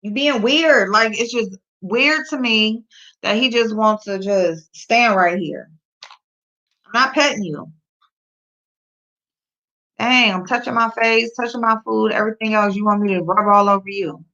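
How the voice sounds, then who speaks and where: Hosting a livestream, a woman reads and answers the chat, scolds her dog, and breaks into loud laughs. Her mid-range voice is bright and forceful, with a measured pace and long pauses. The audio sounds dull and lo-fi, as if from a built-in mic.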